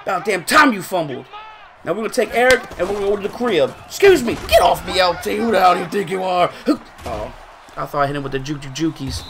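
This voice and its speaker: Young male streamer, high lively voice, mutters then yells during play. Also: fast talker, crowd noise. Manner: swings between mutters and loud shouting. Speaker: gaming streamer. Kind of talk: excited live gameplay commentary.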